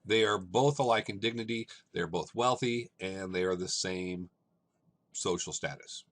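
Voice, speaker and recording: A man teaching a lesson, explaining step by step in short, deliberate phrases and checking in with his listeners as he goes. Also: sits low, fairly bright tone.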